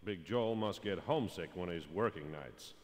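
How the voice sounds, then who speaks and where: An actor playing a wisecracking male private eye who narrates in a dry, deadpan hard-boiled style. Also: deep voice, moderate pace, in a large hall, a crowd in the background. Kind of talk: 1990s hard-boiled detective voice-over.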